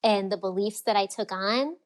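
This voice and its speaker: A woman coach chatting as a podcast guest, mid-pitched and expressive. She talks with energy and slips into little acted voices when she quotes people. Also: normal speed. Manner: animated, acts out quoted voices. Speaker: freedom and fulfillment coach, guest. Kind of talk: casual podcast interview.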